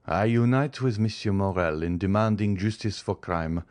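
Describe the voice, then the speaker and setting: A man voicing a doctor who speaks low and gravely, demanding justice. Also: moderate pace, a little mellow, natural voice. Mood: indignant. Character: indignant male doctor, ashamed.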